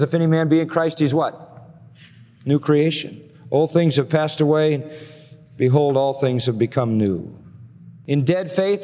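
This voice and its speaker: A man's voice: on the high side, in a large hall. A man preaching a sermon, emphatic and driving, often using rhetorical questions. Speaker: pastor.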